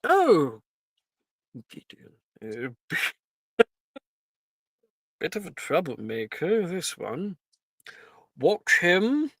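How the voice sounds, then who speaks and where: A game master voicing a wry, shrewd old talking hat that sorts students, musing and teasing before loud verdicts. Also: medium pitch, wildly swooping pitch, extremely slow, long pauses, dry recording, studio quality, exaggerated voice.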